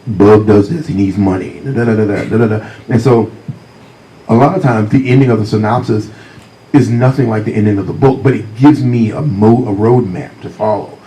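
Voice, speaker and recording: A man with a deep voice telling humorous anecdotes as a guest author at a library talk, speaking close to a handheld mic. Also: steady tone, normal speed, a little hiss or hum, rough recording. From Virginia, USA. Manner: warm, humorous anecdotes, often laughing. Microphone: handheld mic close to mouth.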